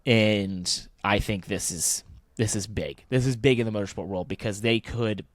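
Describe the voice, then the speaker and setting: Casual low-voiced podcast man. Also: no echo. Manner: conversational, enthusiastic, with fillers. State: voice wearing out. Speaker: podcast co-host. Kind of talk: casual motorsport podcast chat.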